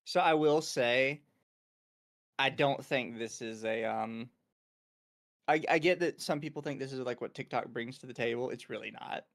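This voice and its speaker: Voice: medium pitch, normal speed. A podcast co-host talking casually and bluntly, rambling and giving opinions.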